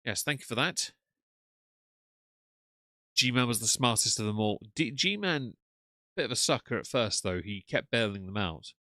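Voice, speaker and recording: A man's voice: medium pitch, animated, unhurried, pauses often, sharp tone, no echo, clean studio sound. A man chatting casually on a live stream, reacting to clips and reading out chat names with frequent ums.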